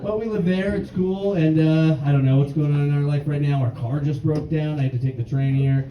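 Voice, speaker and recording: A man's voice: a little high, fairly even intonation, brisk, dull audio, a little hiss or hum. A young man from New York doing a stand-up set, with a dry, self-deprecating delivery, to a laughing audience in a comedy club. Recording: echoey club, mic at a distance, crowd.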